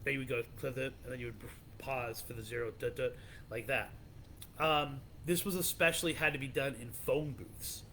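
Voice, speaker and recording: A man's voice: medium pitch, steady tone, normal speed, a bit bright, a little hiss or hum. A man hosting a podcast, casually telling a creepy legend in a loose, rambling way with many restarts. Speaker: podcast host.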